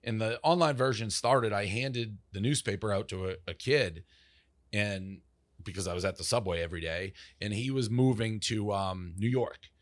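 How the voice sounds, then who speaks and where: Low-voiced man rambling casually. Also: normal speed, dry recording. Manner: rambling, profane, many "like" fillers. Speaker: guest, media company founder. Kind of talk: casual interview storytelling.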